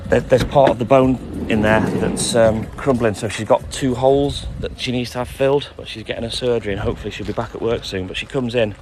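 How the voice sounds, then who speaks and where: A man chatting live from his milk round, reading out viewer comments and giving friendly shout-outs by name. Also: mid-range voice, steady tone, brisk, hardly any pauses, background noise. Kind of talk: casual live-stream chat reading out comments.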